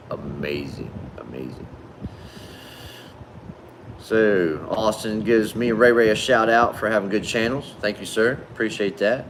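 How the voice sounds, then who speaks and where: Low-voiced laid-back man hosting livestream. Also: a bit bright, slight background noise. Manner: laid-back, friendly, calls viewers man and brother. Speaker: livestream host. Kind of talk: casual livestream chat reading viewer comments.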